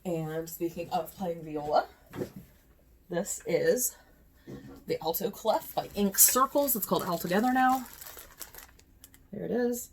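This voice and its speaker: A woman's voice: on the low side, measured pace, pauses often, background noise. A woman, chatting casually to her phone camera while showing cross-stitch projects, often correcting herself. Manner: chatty, self-correcting, talks to herself while handling items. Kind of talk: casual show-and-tell chat.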